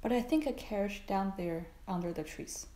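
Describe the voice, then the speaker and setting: A woman voicing a terrified, deferential male servant, reading in a hurried way. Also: mid-range voice, expressive, dark tone, reverberant, natural voice.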